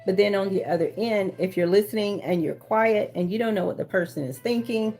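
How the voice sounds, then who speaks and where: A woman's voice: mid-range voice, a little fast, a little mellow, faint music behind. A woman hosting a casual livestream, reading viewer comments aloud and chatting back with lots of fillers and restarts. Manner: rambling with frequent fillers and restarts. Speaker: livestream host.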